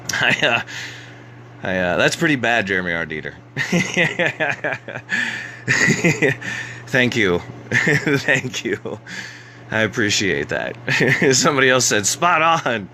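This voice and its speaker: A man hosting a live-stream rant show, talking in a sarcastic, mocking way with many halting restarts. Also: fairly low pitch, bright, forceful tone, a little hiss or hum, low-quality recording. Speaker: host of a political rant show.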